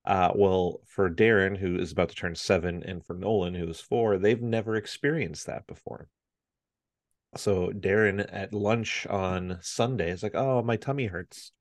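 A man's voice: sits low, a little slow, no room sound. A man in his thirties, a podcast co-host, telling a story in casual chat and acting out his family's voices. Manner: animated storyteller, acts out family members' voices.

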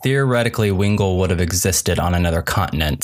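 A man's voice: low voice, expressive, quick pace. A young man hosting a podcast in casual chat, laid-back and dry. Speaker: podcast host.

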